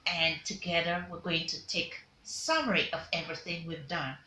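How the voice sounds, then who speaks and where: A woman's voice: on the low side, steady tone, normal speed, sharp tone, echoey room, a little hiss or hum. A woman teaching a pronunciation lesson, drilling vowel sounds and having learners repeat words back to her. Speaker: diction teacher. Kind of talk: pronunciation lesson, call and response.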